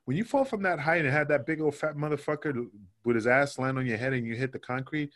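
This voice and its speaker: A man telling stories as a guest on a podcast interview in a casual, animated way, acting out other people's lines in quoted voices. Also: mid-range voice, fast talker.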